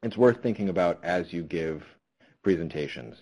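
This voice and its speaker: A man with a deep, slightly rough, a little mellow voice talks animatedly at normal speed in a webinar about public speaking. As a presenter and linguistics researcher, he explains conversationally with frequent ums and restarts, and the audio is poor.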